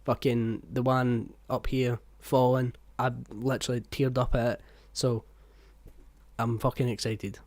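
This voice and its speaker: Excitable man reacting to music. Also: medium pitch, unhurried. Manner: excitable, swearing, exclaiming. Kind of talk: casual reaction commentary.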